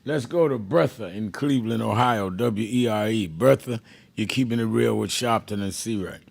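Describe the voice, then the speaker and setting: Gravelly, dry-voiced male radio host. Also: on the low side, moderate pace. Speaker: radio talk show host. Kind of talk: casual radio chat.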